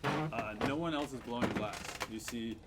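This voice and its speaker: A man running a tabletop game as game master, describing scenes with many pauses and fillers. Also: mid-range voice. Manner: hesitant, many fillers, chuckling. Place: backyard or living room, home table. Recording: noisy home table recording.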